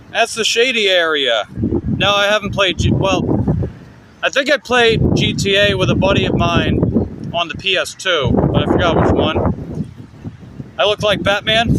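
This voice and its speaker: Goofy guy chatting to his stream outside in the rain, pretty high voice, wind blasting the mic. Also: a little slow. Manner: playful, goofy, talks to chat. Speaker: delivery rider streamer. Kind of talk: casual livestream chat while working. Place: outdoors in the rain. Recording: loud wind noise on the mic.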